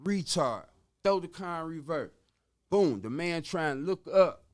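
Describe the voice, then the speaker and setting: A man telling a story on a podcast in casual street slang, dropping in sound effects like woo and boom. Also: animated, a little slow. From Chicago. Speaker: podcast guest.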